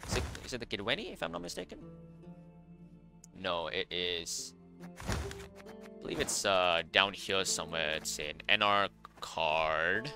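A man's voice: sits low, animated, a little slow, vocal fry, pauses often, over music. A man commenting casually on a card game, enthusiastic and rambling, with many fillers and self-corrections. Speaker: card game content creator.

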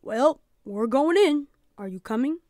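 A woman voicing a kind, patient father in a read-aloud storybook, encouraging and a bit louder. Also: sits high, animated, unhurried, dry recording, clean studio sound. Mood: cheerful.

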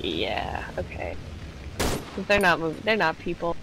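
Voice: mid-range voice, sing-song, unhurried, vocal fry. Blunt, swearing co-player over a noisy mic. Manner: blunt, swears, easily startled. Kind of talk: casual gameplay chat.

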